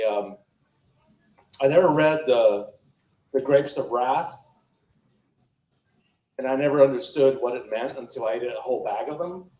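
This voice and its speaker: A man with a medium-pitched, darkish voice does a crude stand-up set at an open mic on a comedy club stage. He rambles and keeps breaking off mid-sentence, and the room sounds echoey.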